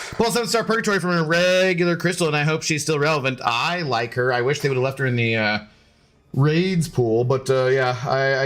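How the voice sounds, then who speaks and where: A man's voice: medium pitch, a bit bright. A man streaming a game in casual, rambling chat, joking with his dog and greeting viewers.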